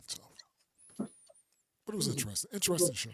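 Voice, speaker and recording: A man's voice: mid-range voice, big pitch swings, quick pace, noisy background. A man co-hosting a podcast, telling a story in loose, slangy casual chat and acting out the people in it. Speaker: podcast co-host.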